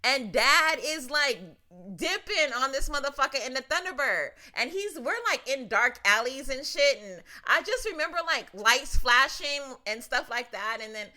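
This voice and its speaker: A woman's voice: high voice, normal speed, hardly any pauses. A young woman from Long Beach, California, co-hosting a podcast and telling stories in casual, profane chat, often laughing. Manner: animated, profane, laughing storyteller. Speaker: podcast co-host.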